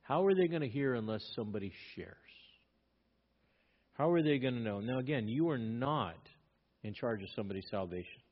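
A man's voice: medium pitch, animated, fairly quick. Emphatic male pastor preaching. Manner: emphatic, rising in volume when stressing points. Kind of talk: sermon. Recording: dull lo-fi sermon recording.

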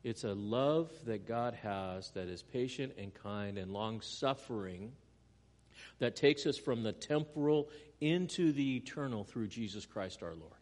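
A man preaching a sermon, earnest, moving between loud emphatic lines and quiet, hushed ones. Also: lowish voice, animated, a little slow, big-room sound. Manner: earnest preaching with dramatic swings in volume. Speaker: pastor.

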